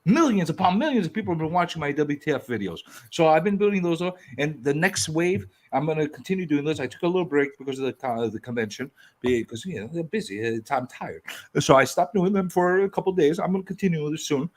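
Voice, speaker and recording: A man in a casual group video chat, teasing the others with loud, rambling, playful bluster. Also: a little high, lively intonation, fast talker. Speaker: community hangout regular.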